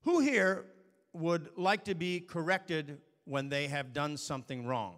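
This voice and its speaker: Man, preacher, bright voice, fairly high, storytelling sermon, long hall reverb. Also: unhurried. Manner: storytelling, swings from quiet asides to shouted warnings.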